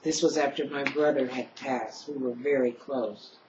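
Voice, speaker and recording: A woman's voice: rumbling low, steady tone, moderate pace, darkish tone, slight background noise. A middle-aged woman giving a solemn, grieving spoken-word poetry recital, leaning on a repeated refrain. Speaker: poet. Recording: roomy, dull lo-fi recording.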